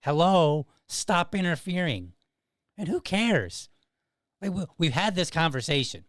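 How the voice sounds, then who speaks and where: A man hosting his own political podcast, talking in an animated, rambling way with lots of restarts and emphatic asides. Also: on the high side, a little slow, dry recording, clean studio sound. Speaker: podcast host. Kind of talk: casual political commentary.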